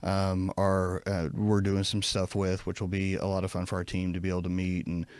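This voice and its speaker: A man's voice: low voice, monotone, moderate pace, a little mellow, smooth, no echo. A man talking as a podcast guest in casual chat, rambling with many fillers and restarts. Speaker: podcast guest, event company president.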